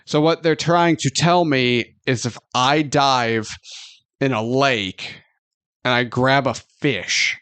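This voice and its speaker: A man's voice: mid-range voice, takes it slowly, fairly bright tone, clean tone, dry recording. A man co-hosting a film review podcast, ranting incredulously in casual, profane chat.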